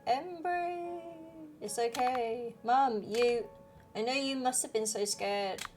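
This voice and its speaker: Woman doing a monster copying a mother, sweet pleading tone, gentle, game voice, faint music behind. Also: on the high side, slow pace. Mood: coaxing. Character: monster mimicking a loving mother, coaxing.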